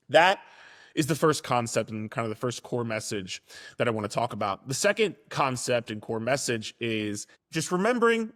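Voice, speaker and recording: A man's voice: mid-range voice, a bit bright. Casual fitness coach man, echoey room. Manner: casual, direct, swears for emphasis. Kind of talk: motivational monologue.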